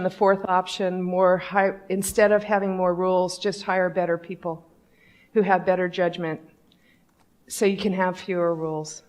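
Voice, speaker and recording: A woman speaks at a conference in a candid, conversational way, with a mid-range voice. She is blunt and unvarnished, and her remarks land plainly and directly. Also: mid-range voice. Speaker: speaker on company culture. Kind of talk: conference talk.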